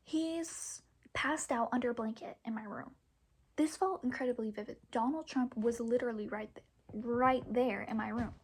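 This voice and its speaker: Brief: young woman vlogger, high breathy voice, rambling, half-whispered storytelling. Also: dark tone. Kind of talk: casual dream storytelling.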